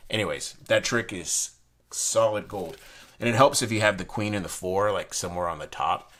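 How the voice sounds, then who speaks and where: A man's voice: on the low side, moderate pace, a bit bright. A man casually reviewing a deck of playing cards and explaining a trick, rambling with frequent restarts and bursts of enthusiasm.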